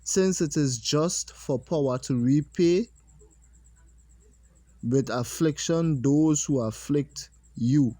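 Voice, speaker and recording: A man teaching a religious lesson, reading scripture slowly and deliberately and pausing to comment. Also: a little high, warm tone, no echo.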